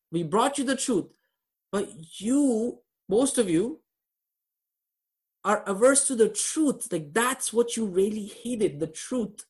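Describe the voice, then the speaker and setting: A man's voice: sits high, darkish tone. A man teaching a live online grammar class over a video call, quizzing his students and laughing at his own jokes.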